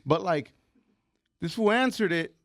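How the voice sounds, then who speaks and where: A man co-hosting a radio podcast, talking in loud, emphatic, slangy banter and dropping in Spanish words. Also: sits high, animated, unhurried, no room sound, studio quality. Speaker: radio show co-host.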